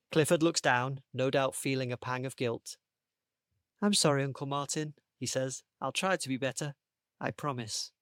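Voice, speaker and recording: A man on a podcast panel reading out a comic made-up story, with a playful, deadpan delivery. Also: medium pitch, no room sound, studio quality.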